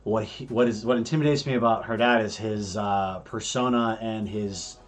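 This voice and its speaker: A man's voice: fairly low pitch, steady tone, moderate pace, soft background music. A young American man co-hosting a casual live stream, who rambles, restarts his sentences and swears freely. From United States. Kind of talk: casual chat.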